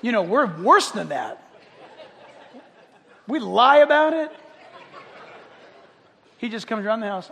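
An older man preaching a sermon, dropping to quiet intimacy and then rising to loud impassioned calls, acting out quoted voices with humor. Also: sits high, very animated, takes it slowly, gravelly, long pauses, long reverb tail, a little hiss or hum. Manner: acts out quoted voices, jokes with the crowd. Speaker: pastor.

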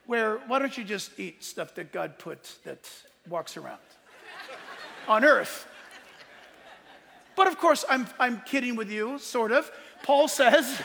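A man preaching a sermon as pastor, animated and joking, often laughing and shouting in a church. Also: extremely high pitch, measured pace, creaky, long reverb tail, slight background noise.

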